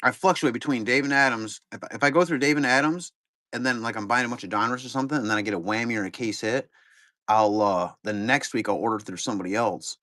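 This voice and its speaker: A middle-aged man chats in a loose, rambling way, talking straight to his viewers as if they were hanging out with him. His voice sits in an ordinary middle pitch and sounds close and dry, with hardly any room around it. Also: fast talker, sharp tone, dry recording. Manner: rambling, laid-back, talks to chat viewers. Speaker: card break streamer. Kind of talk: casual live-stream chat.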